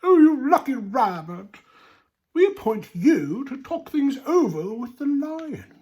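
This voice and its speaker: A man voicing a group of sly, grinning big animals in a storybook, coaxing and flattering. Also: very high-pitched, slow, slightly rough, voice pushed up, heavily acted. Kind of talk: storybook read-aloud.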